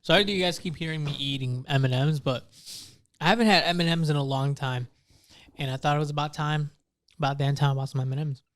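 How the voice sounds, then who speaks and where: A man's voice: fairly high pitch, fairly even intonation, fast. A young man co-hosting a podcast, chatting casually, laughing often and swearing freely. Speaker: podcast co-host. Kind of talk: casual chat.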